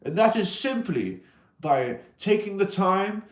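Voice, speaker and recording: Guy doing a chill livestream, kinda high voice that swings up and down a lot, rambly, reading out chat comments, odd accent. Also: very animated, slow. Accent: unplaced accent that viewers ask about. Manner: rambling, reads out and answers viewer comments; speaks as an alien persona addressing humans. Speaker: livestream host. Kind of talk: casual livestream chat about mental health.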